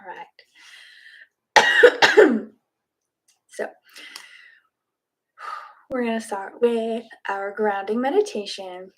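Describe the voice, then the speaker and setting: A woman's voice: mid-range voice, takes it slowly, pauses often, darkish tone. A woman chatting casually and giggling with her students and her cats before a live online yoga class. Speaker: yoga instructor.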